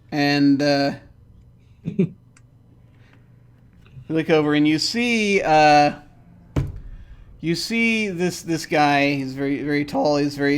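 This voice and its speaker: A man's voice: on the high side, clean tone. Rambling man running a tabletop game. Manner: rambling, with many fillers and laughs. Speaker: game master.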